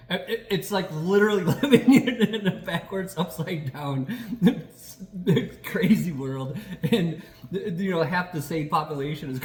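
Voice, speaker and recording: A man hosting a casual political chat, animated and quick to laugh, swearing and acting out quotes as he talks. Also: fairly high pitch, reverberant. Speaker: podcast host.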